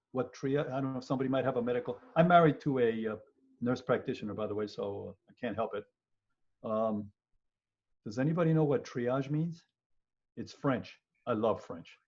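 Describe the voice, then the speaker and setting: A man teaching law in an online webinar, animated and joking, often repeating words and acting out people. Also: medium pitch, moderate pace. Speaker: law professor. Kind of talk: lively webinar lecture. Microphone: video call. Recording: muffled webinar audio.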